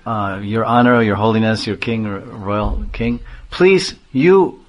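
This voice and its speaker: A man's voice: lowish voice, measured pace, close to an everyday voice. A man voicing a humble, sly talking dog pleading politely before a king in a spoken fable. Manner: deferential, pleading storytelling.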